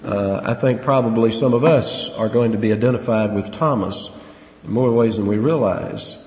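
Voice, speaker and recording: A man's voice: on the low side, moderate pace, darkish tone. Earnest preacher man in an echoey hall. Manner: earnest, emphatic, rhetorical questions, lingers on words. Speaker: preacher teaching a Bible passage. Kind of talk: expository sermon. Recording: echoey hall, dull lo-fi sound, faint hiss.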